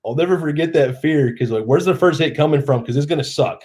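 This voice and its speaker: A man hosting a live stream, telling a long, rambling story in a relaxed, self-deprecating way and acting out the lines of the people in it. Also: on the high side, quick pace.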